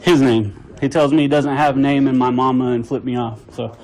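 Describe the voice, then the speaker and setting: A man's voice: mid-range voice, fairly even intonation, a little fast, darkish tone, poor audio. Indignant man filming a complaint. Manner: indignant, complaining, talking to camera. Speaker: video-recording visitor. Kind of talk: self-narrated confrontation vlog.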